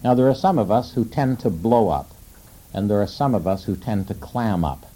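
A man preaching a sermon in a conversational way, asking his listeners questions and slowing down to quote scripture. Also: on the low side, expressive, mellow, breathy edge, rough recording. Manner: conversational, asks the audience questions.

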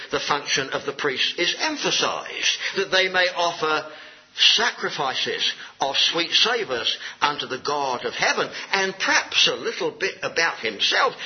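Earnest British preacher with a lively voice. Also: male voice. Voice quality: rises to stress key words and drops low at phrase ends, reading scripture aloud. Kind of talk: sermon. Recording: dull, lo-fi recording.

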